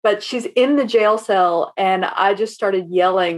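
Chatty animated woman co-host. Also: medium pitch, moderate pace. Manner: animated storytelling, acts out her own reactions, casual swearing. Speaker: podcast co-host reviewing a horror movie. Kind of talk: casual chat.

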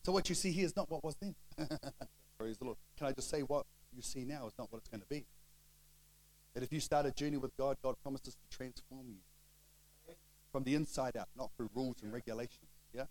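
Lively New man preaching. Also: medium pitch, fairly quick, rough recording. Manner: lively, acts out dialogue with shifting voices. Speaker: pastor. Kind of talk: storytelling sermon.

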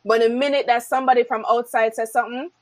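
A woman with a Jamaican accent hosting a casual podcast chat, laughing often with quick asides. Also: fairly high pitch, fairly even intonation.

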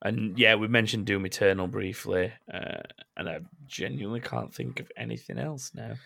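A man's voice: on the low side, normal speed, creaky, bright, forceful tone. A man co-hosting a casual gaming podcast, ranting bluntly and swearing freely. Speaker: podcast co-host.

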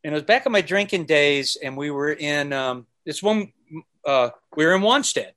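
Speaking a little high and at a moderate pace, a man guests on a podcast and trades stories in casual talk. He's animated, performing the voices of those he quotes and singing snippets along the way.

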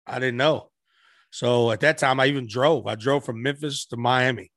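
A man's voice: mid-range voice, fairly even intonation, moderate pace, fairly bright tone, no room sound, studio quality. A middle-aged man telling stories as a guest musician in a casual interview, rambling with frequent restarts.

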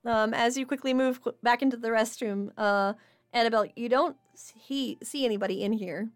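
A woman's voice: on the high side, steady tone, normal speed, faint music behind. A woman narrating a tabletop game as game master, giggly and rambling with fillers.

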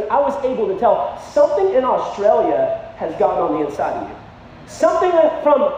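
A man preaching a sermon in a casual, storytelling way. He keeps checking in with "okay?" and builds to loud, emphatic peaks. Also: very high-pitched, distant mic, slight background noise. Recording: echoey hall, dull lo-fi sound.

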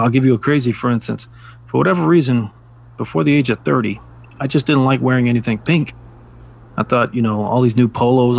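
A middle-aged man co-hosting a casual podcast, telling reflective stories in a measured way and laughing at his own jokes. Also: mid-range voice, gravelly, breathy edge. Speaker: podcast co-host. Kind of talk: casual chat.

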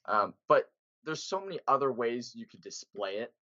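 A man co-hosting a podcast in casual sports chat, animated and pressing with emphatic questions. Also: medium pitch, normal speed, no echo. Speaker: podcast co-host. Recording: dull lo-fi sound.

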